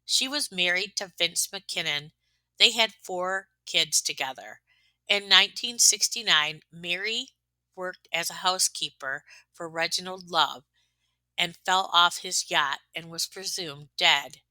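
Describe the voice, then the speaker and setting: Female narrator, low-pitched and very bright, even scripted read, dry voice-over. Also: measured pace, no echo. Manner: even, reading-style recap. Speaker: tribute narrator.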